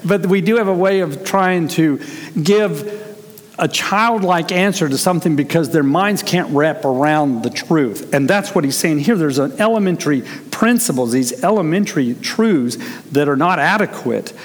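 A man's voice: on the high side, normal speed. Man preaching in an echoing hall. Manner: earnest, storytelling, animated when quoting. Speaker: pastor. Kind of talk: conversational sermon. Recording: long reverb of a large hall.

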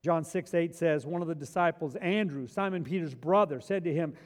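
A male preacher giving a sermon in a church, animated, repeating words as he acts out biblical scenes. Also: on the high side, a little fast. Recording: long hall reverb.

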